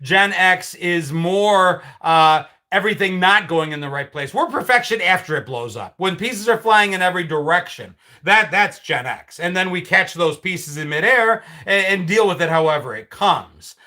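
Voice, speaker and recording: A man's voice: high-pitched, expressive, moderate pace, hardly any pauses, pushed and bright. A middle-aged man hosting a live stream, chatting casually and answering viewer comments with sarcastic asides. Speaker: livestream host.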